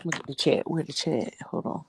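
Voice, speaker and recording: A woman's voice: low voice, animated, fairly quick, creaky, slightly rough, no room sound. A woman, a guest in a casual live-stream chat, speaking emphatically and repeating phrases for effect. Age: 30s. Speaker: guest co-host.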